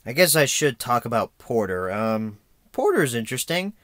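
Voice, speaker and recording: A man's voice: medium pitch, very animated, moderate pace, fairly bright tone, dry recording. A young American man giving an unscripted, rambling video review with sarcastic, self-mocking asides. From United States.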